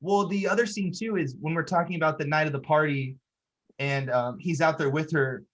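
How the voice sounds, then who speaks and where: A man's voice: a little high, brisk, lo-fi sound. A man hosting a casual podcast, talking loosely about filmmaking details in a movie. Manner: relaxed, loose, points out film craft details.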